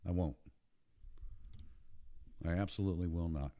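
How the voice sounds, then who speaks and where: Man, low voice, warm dark tone, emphatic casual monologue. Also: normal speed. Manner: emphatic, repeats himself, worked up. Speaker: podcast host.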